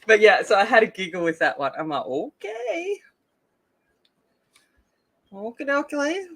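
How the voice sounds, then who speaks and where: A woman's voice: lowish voice, lively intonation, fast talker, fairly bright tone. A middle-aged woman from North Queensland with an Australian accent, chatting casually while colouring, giggly and rambling with lots of fillers. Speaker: colouring channel host.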